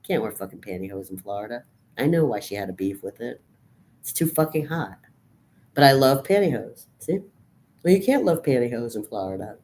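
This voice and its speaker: A woman's voice: very deep voice, big pitch swings, brisk, a little mellow, a little hiss or hum. A woman in her fifties, depressed and weary, talking in a profane, rambling, bleak monologue to her camera. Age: 50s. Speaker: vlogger.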